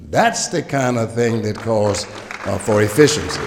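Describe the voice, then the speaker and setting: A man's voice: on the low side, moderate pace, over a noisy crowd, very noisy. An older man with a Virginian accent, a former governor telling stories in a gala speech and acting out the exchanges he recounts. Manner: storytelling, acts out quoted exchanges. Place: large banquet hall. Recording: hall reverb.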